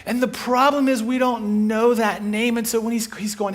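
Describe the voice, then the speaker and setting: A man with a high-pitched voice preaches from a church stage into a microphone. He tells his stories with animation and slips into different voices for each character's lines. The delivery is lively throughout. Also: moderate pace, hardly any pauses, background noise. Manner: animated, acts out dialogue in shifting voices. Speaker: guest preacher. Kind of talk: sermon storytelling. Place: large church auditorium.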